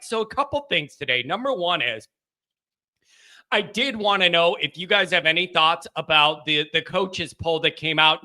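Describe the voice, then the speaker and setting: A man running his own call-in sports show talks in a loose, rambling way, poking fun at himself as he goes. His voice sits high and rings sharp and bright. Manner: rambling, self-deprecating, quick laughs. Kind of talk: casual sports talk monologue.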